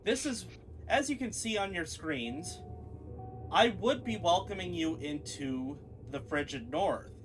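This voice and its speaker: A man's voice: high voice, animated, unhurried, faint music behind. A man running a tabletop game as game master, narrating with a theatrical, dramatic delivery.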